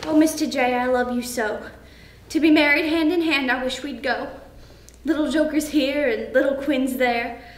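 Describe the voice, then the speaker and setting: A woman's voice: sits high, fairly even intonation, moderate pace, lightly acted. A woman playing a lovestruck female clown sidekick in an amateur sketch, reciting in a dreamy, sing-song way in an echoey room. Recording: roomy echo, faint hum.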